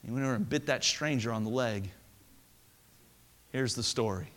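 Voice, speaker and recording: A man preaching a sermon to a congregation in a church, telling a story earnestly and dropping to a soft voice for emphasis. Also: medium pitch, normal speed. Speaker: pastor. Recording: long hall reverb.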